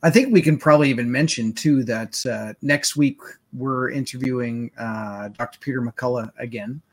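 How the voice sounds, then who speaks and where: A male co-host with a mid-pitched voice chats casually, wandering through his points with frequent fillers. His delivery is loose and conversational. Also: normal speed, breathy edge. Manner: rambling, many fillers. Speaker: podcast co-host. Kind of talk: casual chat.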